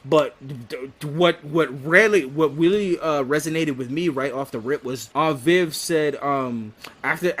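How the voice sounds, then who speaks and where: A man's voice: fairly high pitch, fairly bright tone. A man co-hosting a podcast, recapping a TV episode in a casual, slangy way, laughing often and restarting his sentences. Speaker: podcast co-host.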